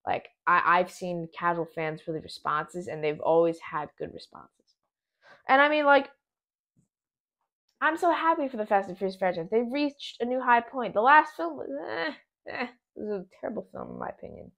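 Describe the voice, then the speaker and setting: Excitable rambling woman reviewing a film. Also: medium pitch, normal speed, vocal fry. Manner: excitable, rambling, frequent restarts. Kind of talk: casual spoiler review.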